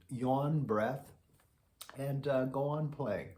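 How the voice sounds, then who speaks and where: Brief: male music teacher, mid pitch, relaxed and conversational, recorded in a roomy, echoing space. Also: slow. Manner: easygoing, conversational, demonstrating as he talks. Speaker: trombone teacher. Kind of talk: relaxed instructional talk to camera. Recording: echoey room.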